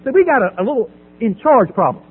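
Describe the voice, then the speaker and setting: A middle-aged man giving a personal testimony at a recovery meeting podium, dramatic, swinging from loud emphasis to hushed quiet. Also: extremely high pitch, sing-song, fast, husky, phone-quality sound. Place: at a podium before an audience. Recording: phone-thin audio with faint hum.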